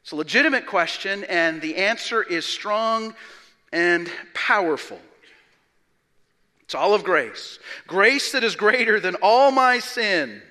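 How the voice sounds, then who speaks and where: Pastor, male, high and sharply bright tone, emphatic sermon delivery with hushed drops, reverberant sanctuary. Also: animated, takes it slowly. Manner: emphatic, swings from loud declarations to hushed low asides. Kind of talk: expository sermon.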